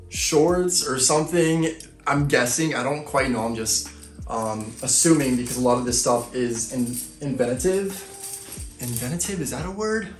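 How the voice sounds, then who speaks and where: A man filming an excited unboxing vlog, gushing and effusive, heaping on superlatives. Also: mid-range voice. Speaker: fashion vlogger. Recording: roomy echo, faint background music.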